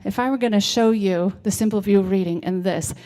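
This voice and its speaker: Middle-aged woman presenter, mellow warm tone, chatty, keeps asking right?. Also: mid-range voice, a little fast. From United States. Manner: conversational, frequent "right?" check-ins. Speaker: literacy presenter. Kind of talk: presentation to a civic audience.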